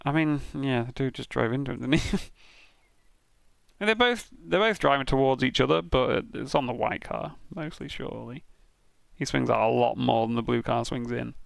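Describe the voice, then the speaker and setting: Gravelly, sweary British man. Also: mid-range voice, moderate pace, no room sound. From Britain. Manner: sweary, rambling banter with frequent laughs. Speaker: streamer. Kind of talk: casual commentary reviewing racing incident clips.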